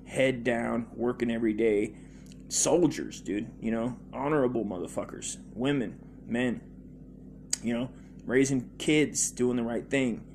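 A man's voice: medium pitch, a little slow, darkish tone, a little hiss or hum. A man hosting a comedy podcast, rambling through a profane monologue full of fillers and restarts.

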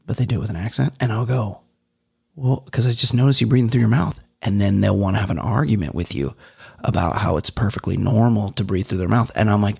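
A man's voice: a little fast, gravelly, slightly rough. A middle-aged man co-hosting a comedy podcast in casual chat, acting out little exchanges with big swings in his voice. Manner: animated, acts out exchanges with big pitch jumps. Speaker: podcast co-host.

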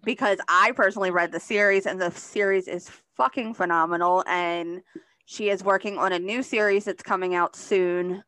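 A woman's voice: lowish voice, moderate pace, no room sound. Chatty woman podcast host, dry sound. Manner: relaxed, chatty, enthusiastic about books. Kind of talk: casual chat.

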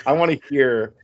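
A man co-hosting a casual movie podcast, excitable and laughing, his voice jumping high when he gets worked up. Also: dull audio. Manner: excitable, jumps high in pitch when thrilled. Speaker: podcast co-host.

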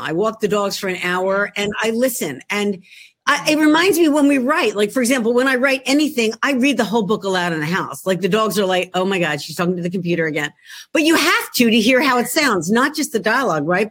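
Woman, middle-aged, Philadelphia accent, author on a laptop call, rambling jokey talk, fairly high voice. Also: fairly bright tone. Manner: chatty, self-mocking, jokey. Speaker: author guest. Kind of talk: casual chat. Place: home work room. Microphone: laptop video call.

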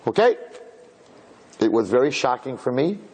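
A man, a rabbi, giving an inspirational talk to an audience, telling a story with lively acted-out dialogue and Hebrew and Yiddish terms. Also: medium pitch, normal speed, husky. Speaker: rabbi and speaker.

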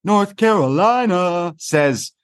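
A man's voice: high voice, expressive, takes it slowly, clean tone. A Canadian man co-hosting a podcast, recapping a wrestling show in rambling casual chat with lots of fillers and the odd swear. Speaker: podcast co-host.

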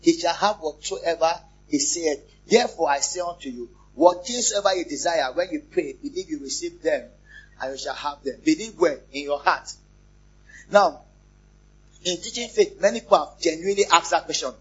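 A pastor, preaching a lively sermon, repeating phrases and joking with the congregation. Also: male voice, a little high, normal speed, husky. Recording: muffled, lo-fi church recording.

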